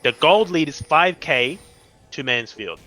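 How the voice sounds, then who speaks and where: A young man commentating a live esports match, excitable and rambling, often tripping over his words. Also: a little high, a little slow. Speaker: esports caster.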